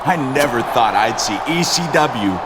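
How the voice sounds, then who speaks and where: Man as mocking, defiant champ wrestler in a game, mid-pitched. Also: expressive, moderate pace, a loud crowd, natural voice. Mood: taunting. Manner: taunting, sarcastic. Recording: noisy game audio.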